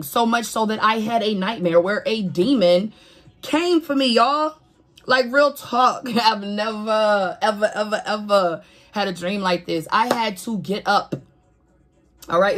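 Woman reader, casual and preachy, talks right to the viewers. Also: mid-range voice. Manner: animated, preachy, swears and laughs, talks straight to viewers. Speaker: tarot reader. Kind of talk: casual spiritual reading to camera.

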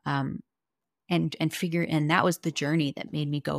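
A woman's voice: low voice, little pitch movement, normal speed, vocal fry, no room sound, clean studio sound. A woman guest on a podcast, earnestly and candidly telling a personal story, with casual swearing.

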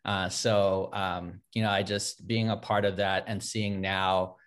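A man's voice: low voice, little pitch movement, a little slow. A man from California who danced in the film, speaking earnestly and reflectively on a video call. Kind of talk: casual panel talk.

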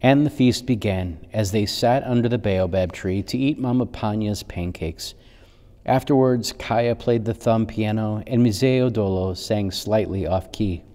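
Mellow-voiced pastor telling a story. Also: male voice, lowish voice, in a large hall. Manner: gentle, unhurried storytelling. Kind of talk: children's sermon storytelling.

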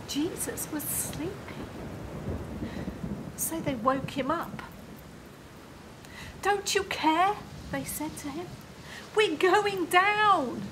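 A woman leading a children's liturgy, telling a Bible story slowly and expressively, often dropping into a hushed whisper and asking the children questions. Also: high-pitched, noisy background. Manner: asks the listener questions, slow and expressive.

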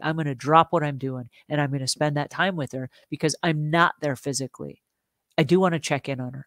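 A middle-aged woman hosting a live show, talking in a chatty, animated way and asking her audience questions. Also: sits low, no room sound, studio quality. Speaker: host. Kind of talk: casual live-stream talk.

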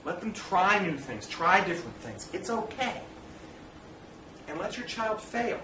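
A man's voice: high voice, big pitch swings, measured pace, sharp tone, recorded from a distance, a little hiss or hum. A man, a father of a child with special needs, talking earnestly and plainly to other dads and telling personal stories. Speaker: parent speaker addressing fathers. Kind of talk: informal talk to an audience. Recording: roomy echo, speaker away from the mic, faint ambience.

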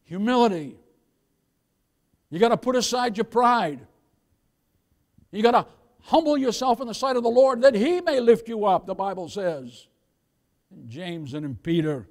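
High-voiced preacher in a reverberant hall. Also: male voice, moderate pace, pauses often. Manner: swings from loud exhortation to near-whispers, many "beloved" and "Amen?". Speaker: pastor. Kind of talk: sermon. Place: church sanctuary.

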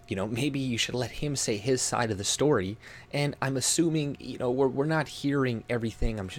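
A man from Canada ranting to camera as a YouTube commentator, swearing often and mocking others in put-on voices. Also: mid-range voice.

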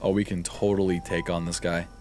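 A man's voice: low-pitched, level tone, brisk, a little mellow, faint music behind. A man streaming a game live, joking and swearing as he talks to his chat and the game characters.

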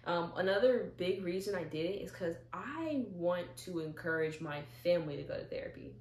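Lively young woman, low voice, roomy echo. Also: normal speed, a little hiss or hum. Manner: animated storyteller, acts out little dialogues. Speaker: vlogger. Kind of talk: casual talk to camera. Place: at home, seated in a chair.

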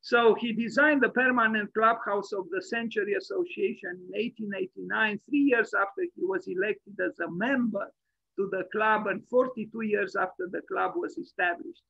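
A man's voice: sits high, normal speed, creaky, pushed and bright, breathy edge, dry recording, dull audio. A man giving an online architecture lecture as host, rambling and opinionated, with many fillers and restarts.

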